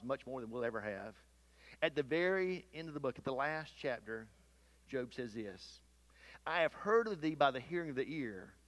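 A man preaching a sermon, swinging between loud emphatic peaks and hushed low asides, and reading scripture aloud. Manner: reads scripture aloud in King James wording.

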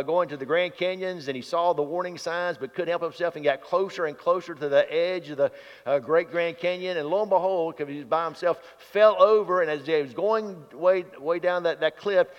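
A male pastor preaching in a folksy, storytelling way, his fairly high voice carried by a long hall reverb. The sound is a little muffled, as if from an older church recording. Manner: folksy storytelling preacher, grows louder and livelier. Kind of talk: sermon.

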